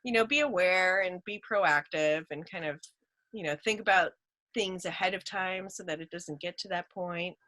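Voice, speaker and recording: A woman's voice: fairly low pitch, moderate pace, sharp tone, rough recording. A woman chatting as a guest about rescue dogs, with lots of "you know" and "like.". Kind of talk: casual chat.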